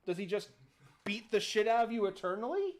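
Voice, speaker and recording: A male host retells a folk tale to his co-hosts and chat. His storytelling is animated and his pitch is lively, with frequent laughter. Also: a little fast. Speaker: podcast host. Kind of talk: casual storytelling on a livestream.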